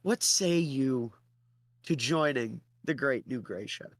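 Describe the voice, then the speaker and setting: A man's voice: mid-range voice, expressive, slow, dry recording. A man voicing a boastful, fake-charming male lord with a grandiose, theatrical way of talking. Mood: grandiose pitch.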